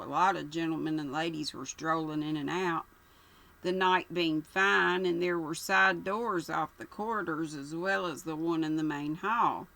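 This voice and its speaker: An older woman reading a mystery novel aloud at an unhurried pace, now and then stumbling over a word. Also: sits low, vocal fry, sharp tone, poor audio. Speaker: channel host reading aloud.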